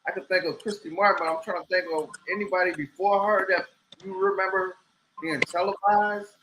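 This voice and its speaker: A man co-hosting a casual podcast chat, slow and thinking aloud as he puts questions to the guest. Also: sits high, steady tone. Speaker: podcast co-host. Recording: echoey room, faint background noise.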